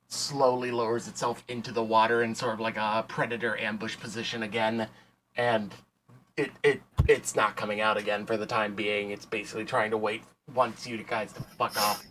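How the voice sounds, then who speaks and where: A man's voice: mid-range voice, sharp tone, a little hiss or hum. A man narrating a tabletop game as game master, in a casual, rambling way with many fillers.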